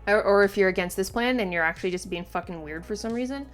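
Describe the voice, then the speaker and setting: A woman's voice: medium pitch, fast talker. Woman host, casual manga reaction chat, emphatic and exasperated, filler-heavy, faint music under her. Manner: frequent "like" fillers and swearing.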